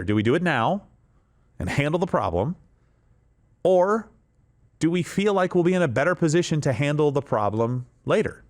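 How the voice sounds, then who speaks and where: A male host talking through political commentary with emphatic, often sarcastic delivery. His pitch moves a lot, rising and falling as he makes his points.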